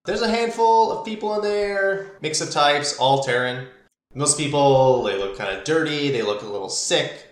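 A man's voice: a little high, animated, normal speed. A man narrating as game master, loose and rambling, with frequent fillers. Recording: roomy echo.

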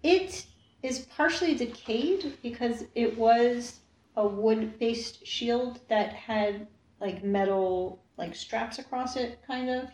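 A woman's voice: a little high, darkish tone, far from the mic. A woman narrating a tabletop game as game master, describing scenes in a chatty, easygoing way. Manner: chatty, descriptive, quick asides. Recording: echoey room.

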